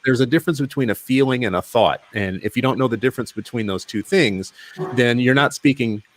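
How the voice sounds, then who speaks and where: A man's voice: medium pitch, fairly quick, no room sound. A male podcast host in casual interview conversation, talking emphatically and firing off rhetorical questions.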